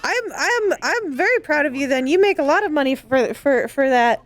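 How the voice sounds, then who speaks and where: A woman's voice: high voice, lively intonation, normal speed, no room sound. A woman streamer in casual game-stream chat, talking in a dramatic, playfully panicked way.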